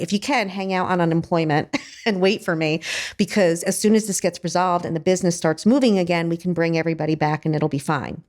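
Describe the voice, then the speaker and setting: A woman's voice: fairly low pitch, darkish tone. A woman, a business owner talking as a guest in a casual interview, chatty and full of "like" fillers.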